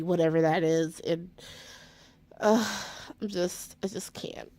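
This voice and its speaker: A woman book vlogger chatting casually to her phone, gushing and rambling, swinging between giddy excitement and near tears. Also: lowish voice. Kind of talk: casual fan vlog chat.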